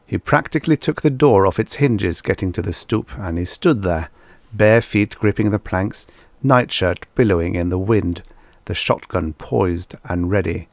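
A man reading vintage science fiction stories aloud as an audiobook narrator, in a steady, measured way. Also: low-pitched, gravelly, dry recording.

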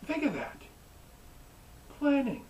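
A young man giving a joking, animated recap as a reviewer. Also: extremely high pitch, takes it slowly, far from the mic, muffled recording. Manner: animated, joking, mimics characters. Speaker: anime reviewer. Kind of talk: comedic recap.

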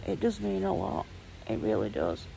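A woman in her forties vlogging casually at home, croaky from a sore throat and tearful, rambling with lots of fillers. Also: fairly low pitch, big pitch swings, moderate pace, dark tone, slight background noise, low-quality recording. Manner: rambling, chatty, filler-heavy. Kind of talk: casual vlog chat.

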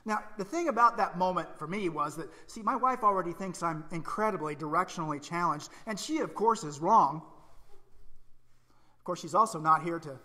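Middle-aged man, pastor preaching, storytelling with gentle humor, slightly high voice, long church reverb. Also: moderate pace. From Indiana. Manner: storytelling, self-deprecating humor, then soft and earnest. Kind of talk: sermon. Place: church sanctuary.

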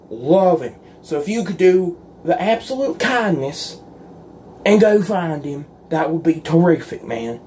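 A man's voice: on the high side, a little mellow, slight background noise. A man doing a solo roleplay in a folksy, earnest and pleading way, as if talking to a gang of friends. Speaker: roleplay creator.

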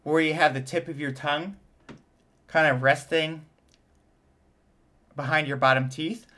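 A man's voice: a little high, fairly even intonation, a little slow, bright, forceful tone. Man breaking down trumpet technique. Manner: demonstrates vowels and tonguing sounds aloud. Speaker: trumpet teacher reacting to an interview. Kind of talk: casual explanatory commentary. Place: home studio in front of a camera.

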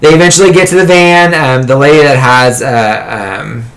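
A man's voice: medium pitch, normal speed, a bit bright. A man co-hosting a casual comic book podcast, rambling through a plot recap with lots of fillers and laughter. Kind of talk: casual chat.

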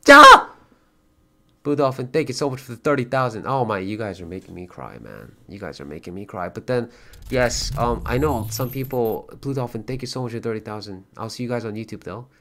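A man chatting casually as a livestreamer, thanking viewers and donors, swearing freely and getting excited in bursts. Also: on the low side, fairly quick, few pauses.

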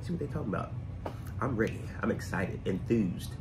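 A man's voice: on the low side, animated, fairly quick, very noisy. A man hosting a music reaction channel, joking and talking straight to his viewers in a casual, playful way.

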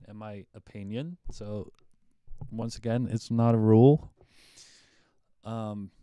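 A man's voice: on the low side, mellow, smooth, no room sound, clean studio sound. A young man, a music producer, teaching a casual livestream masterclass in a laid-back way, swearing offhandedly and hedging his opinions.

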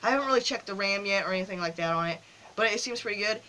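A woman casually commenting on a mobile game she plays, excitable and loudly cheering on her character, recorded on a phone. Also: mid-range voice, rapid-fire, slight background noise, poor audio.

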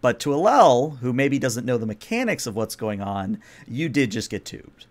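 A man narrating and explaining rules as game master of a tabletop role-playing game, relaxed with frequent fillers. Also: medium pitch, normal speed.

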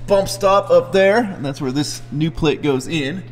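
A man's voice: a little high, a little slow, echoey room, in a large hall, a little hiss or hum. A man hosting a truck vlog at an outdoor job site, joking and teasing his friends as they work. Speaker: vlog host. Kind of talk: casual truck vlog chat.

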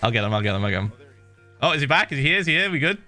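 A man's voice: mid-range voice, sing-song, racing, over music. A man streaming a game in casual chat, playful and laughing often, tossing in little sound effects.

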